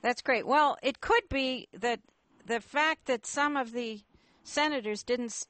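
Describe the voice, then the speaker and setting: A woman's voice: on the high side, fairly bright tone, no echo. Female talk radio host, dry close sound, stop-start questioning. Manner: hesitant, halting questions with restarts.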